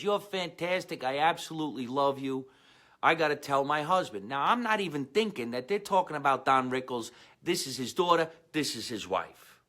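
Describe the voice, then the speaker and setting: A man hosting his own comedy show, telling rambling stories with a New Jersey accent and talking straight to his viewers. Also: on the high side. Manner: rambling, animated storyteller with asides to viewers. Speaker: comedian podcast host. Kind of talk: casual storytelling monologue.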